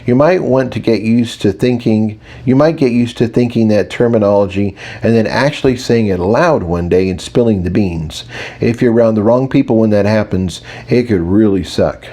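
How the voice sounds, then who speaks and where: A man's voice: on the low side, normal speed, mellow. A man reading an audiobook, voicing a prim, disapproving male inner voice with a British lilt. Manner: snippy, scolding.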